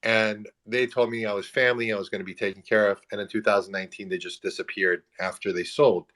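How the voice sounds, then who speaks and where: Laughing often and poking fun at himself, a man in his forties with a low voice spins animated stories in a relaxed online audio chat, talking fast.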